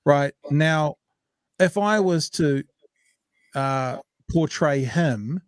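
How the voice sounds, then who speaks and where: A man's voice: on the high side, drawn-out words, no echo, clean studio sound. A man co-hosting a casual podcast chat, rambling and joking, often breaking off mid-sentence. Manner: rambling, self-interrupting, loose and joking. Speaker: podcast co-host.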